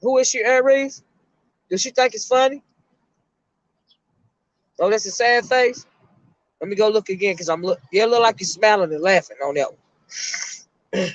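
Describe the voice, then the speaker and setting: A middle-aged woman, a retired school counselor, hosting an emotional live-stream chat and speaking haltingly to her viewers. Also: medium pitch, dry recording, muffled recording. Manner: emotional, halting, repeats words while talking to her chat.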